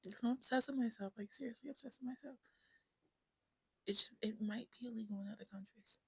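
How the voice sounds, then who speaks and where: A twenty-something woman vlogs at home, chatting casually into her phone camera in a rambling, frank, self-absorbed way and often slipping into a whisper. Her voice sits on the high side and moves fairly quickly, husky with vocal fry. The low-quality recording has no echo.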